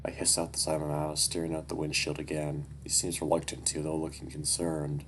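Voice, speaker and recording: Deep-voiced man reading a story, swearing asides. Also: monotone, fairly quick, hardly any pauses, a bit bright, a little hiss or hum. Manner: casual, profane, candid asides. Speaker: story reader. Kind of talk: reading a story aloud with casual commentary.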